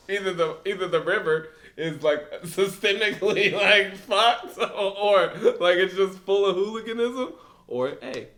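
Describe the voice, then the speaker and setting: Male podcast co-host, high bright voice, lively laughing storyteller. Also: a little slow. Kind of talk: casual storytelling chat.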